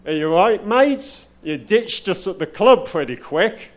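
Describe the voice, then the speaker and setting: A man's voice: high voice, very animated, measured pace, pitched above the performer's own voice. A man putting on a mock Australian accent to play a breezy young Australian bloke. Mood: teasing.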